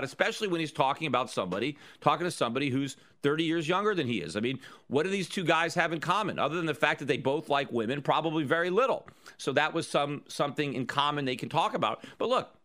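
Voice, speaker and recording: A man talks through an opinion segment on his own podcast. His voice sits a little high and sounds bright and forward. He argues with energy and keeps asking rhetorical questions. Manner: animated, argumentative, rhetorical questions. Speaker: podcast host. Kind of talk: opinion monologue.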